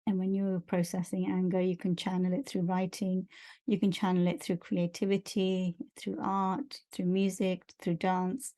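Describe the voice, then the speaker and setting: Low, mellow woman giving spiritual guidance. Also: monotone, normal speed. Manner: earnest, encouraging, repetitive lists. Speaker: spiritual teacher. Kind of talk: spiritual energy update talk.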